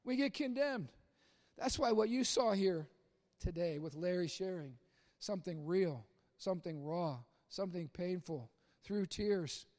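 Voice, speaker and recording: A man preaching with a very high voice, lively and theatrical. He acts out scenes and bursts into shouts at his peaks. The sound rings with the long echo of a big hall. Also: measured pace. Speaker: pastor. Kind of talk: sermon.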